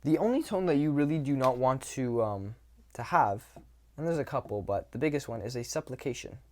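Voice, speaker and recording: Young male dating coach, casual and blunt, middle pitch, acts out examples. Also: lively intonation, a little fast, darkish tone. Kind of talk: casual talking-head advice.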